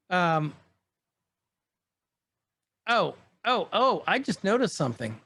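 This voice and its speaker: A man co-hosting a podcast, chatting casually and excitedly as he recaps scenes from a show he keeps pausing. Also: sits high, vocal fry, breathy edge. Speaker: podcast co-host. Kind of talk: casual chat recapping an episode.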